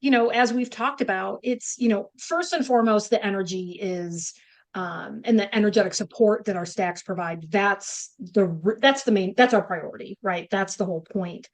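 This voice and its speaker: A woman's voice: mid-range voice, normal speed. A woman from upstate New York with a Northern accent, co-hosting a rambling, chatty conversation. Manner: chatty, rambling, many restarts and fillers. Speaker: podcast co-host. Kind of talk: casual chat.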